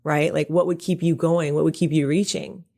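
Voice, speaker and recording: Low-voiced earnest woman coach. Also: steady tone, moderate pace, vocal fry, dark tone. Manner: earnest, reassuring, explains with examples. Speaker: guest, business coach. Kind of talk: casual interview chat.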